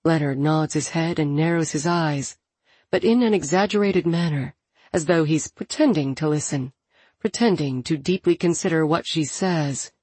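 A woman with a low, husky voice narrates an audiobook at a measured, steady pace. The recording is dry and close with no room sound. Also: no echo.

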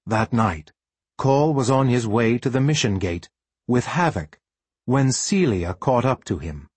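A man reading a storybook aloud as an audiobook narrator with expressive storytelling. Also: medium pitch, unhurried, husky, dry recording. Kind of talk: scripted narration.

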